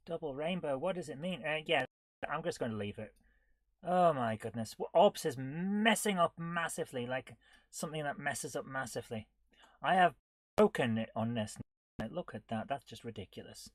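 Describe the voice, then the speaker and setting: A woman's voice: low voice, animated, normal speed, no echo. A woman chatting casually on a live coding stream, giggling often and reading on-screen text aloud in a playful way. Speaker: retro gaming streamer.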